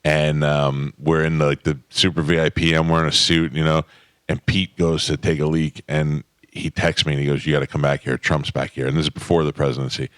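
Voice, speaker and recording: A man hosting a radio talk show, relaxed and chatty, telling his own story. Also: rumbling low, a little fast, clear, resonant tone, no echo, clean studio sound. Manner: relaxed, interjecting, laughs along. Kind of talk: casual talk radio chat. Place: radio studio.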